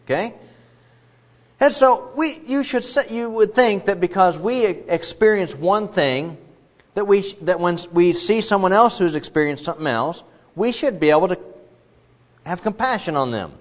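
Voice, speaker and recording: A man's voice: high-pitched, expressive, normal speed. A man preaching an expository sermon in a conversational, digressive way with frequent asides. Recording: dull lo-fi recording.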